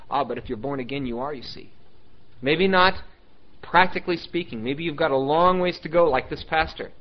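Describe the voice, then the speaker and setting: A male pastor preaching a sermon, animated and emphatic, dropping now and then to soft, intimate asides. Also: on the high side, fairly quick, dull audio.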